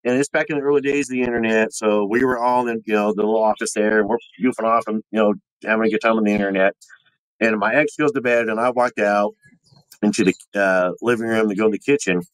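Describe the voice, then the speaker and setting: A man, a podcast guest and former soldier, telling his ghost stories in a rambling, animated way and acting out the voices of the people in them. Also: lowish voice, fast, smooth, no echo, poor audio. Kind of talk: casual storytelling of personal ghost stories.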